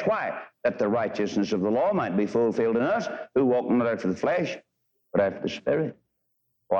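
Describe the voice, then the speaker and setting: A man's voice: mid-range voice, darkish tone. A man preaching a fervent revival sermon in a church, swinging between quoted scripture and blunt, emphatic talk. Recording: dull lo-fi archival sermon recording.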